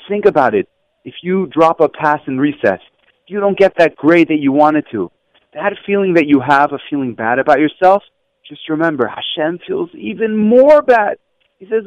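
A man teaching schoolchildren through stories, lively and acting out the voices of people in them. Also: no echo. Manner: animated, acts out quoted voices with raised pitch. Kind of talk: storytelling lesson. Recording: dull lo-fi, dry.

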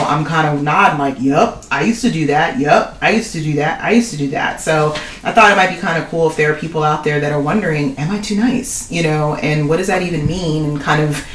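A woman's voice: sits low, distant mic, a little hiss or hum. A woman co-hosting a chat podcast, speaking frankly and loosely, with the odd swear. Her voice sits off the mic and rings in a roomy space. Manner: frequent affirmations, conversational, occasional swearing. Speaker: podcast co-host. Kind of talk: casual chat.

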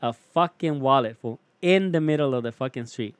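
A man's voice: medium pitch, moderate pace, no room sound. A young man, telling a story in casual chat, slangy and profane, calling his listener "fool" over and over.

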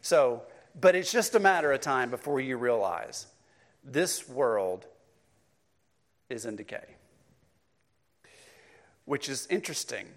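A man's voice: mid-range voice, takes it slowly, long pauses. Middle-aged male pastor, conversational sermon delivery, addresses the congregation.

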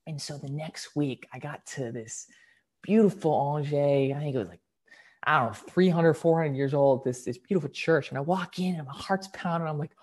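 Young man, podcast guest; lively, enthusiastic storyteller with sudden bursts of energy. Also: fairly high pitch. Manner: animated, excited storytelling with quick bursts. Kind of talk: storytelling in casual conversation.

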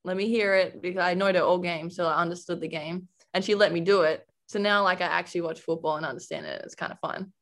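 A woman's voice: fairly low pitch, fairly even intonation, fast, few pauses, a bit bright. A young woman from Australia, an athlete telling a rambling, filler-filled story in a casual interview. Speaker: athlete guest.

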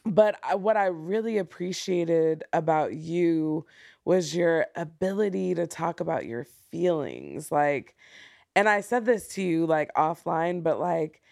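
A woman hosting a casual interview, curious and warm, with many fillers and laughs. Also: low voice, expressive, measured pace, creaky. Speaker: host.

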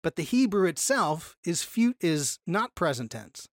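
A teacher giving a Bible study lecture to a class, explaining with animated emphasis on key words and frequent self-corrections. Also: mid-range voice, measured pace, dry recording, clean studio sound.

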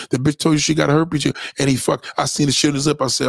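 A man speaks quickly in a fairly high, creaky voice, delivering a profane comedy rant to camera. He tells his stories with heavy swearing and street slang, animatedly voicing the people he quotes. There's no room sound in the recording.

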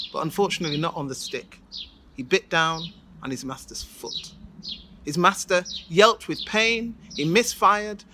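A woman's voice: fairly low pitch, sharp tone, a little hiss or hum. Rhythmic woman telling a folk tale. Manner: rhythmic, repetitive, dramatic build-ups. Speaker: storyteller.

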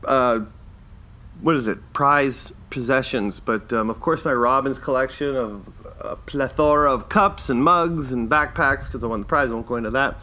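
Rambling fifty-something podcast host. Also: male voice, medium pitch, moderate pace, bright, forceful tone. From Canada. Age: 50s. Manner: rambling, self-deprecating, chuckles at own jokes. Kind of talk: casual solo podcast monologue.

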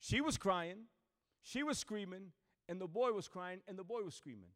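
High-pitched preacher man, swinging loud and hushed. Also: expressive, normal speed. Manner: swings from shouting to hushed near-whispers. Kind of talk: sermon.

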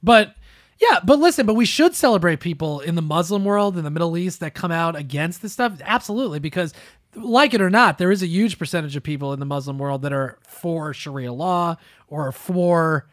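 A man's voice: on the high side, animated, a little fast, no echo, studio quality. A man hosting a podcast, ranting sarcastically about the news in casual chat. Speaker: podcast host. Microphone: close studio mic.

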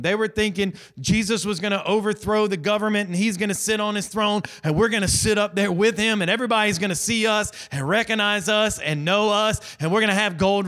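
High-voiced preacher with a lilt. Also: male voice. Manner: animated storytelling, acts out quoted voices; conversational, addresses the congregation directly. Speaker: pastor. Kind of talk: sermon.

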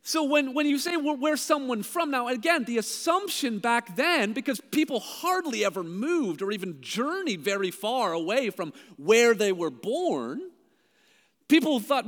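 A high-voiced male pastor preaches with a lively, swooping delivery. He moves from loud, emphatic lines to quiet, hushed ones, and his voice rings with a long reverb as if in a large hall. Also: normal speed. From Canada. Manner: animated preaching that swings between loud and hushed. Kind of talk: sermon.

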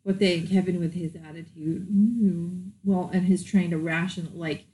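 A woman's voice: on the low side, fairly even intonation, a little slow, dark tone, rough recording. A woman co-hosting a podcast in casual chat, frank and talkative, swearing and laughing easily. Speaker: podcast co-host.

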